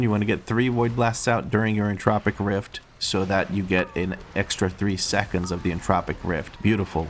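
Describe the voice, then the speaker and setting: Low-voiced man commentating a dungeon run. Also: slight background noise. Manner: casual, swears, audibly frustrated and sarcastic. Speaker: streamer playing a dungeon run. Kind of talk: live gameplay commentary.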